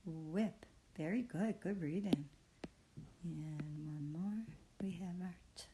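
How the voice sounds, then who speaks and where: A woman teaching a phonics reading lesson, patiently sounding out words and praising the learner in a soft, encouraging way. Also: lowish voice, slow, noisy background.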